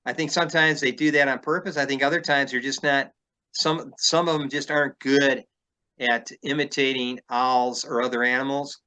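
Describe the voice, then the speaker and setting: A man's voice: mid-range voice, steady tone, normal speed, bright, forceful tone, clean tone. A man from Illinois, hosting an interview and explaining things at length, thinking aloud as he talks. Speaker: podcast host. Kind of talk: conversational interview.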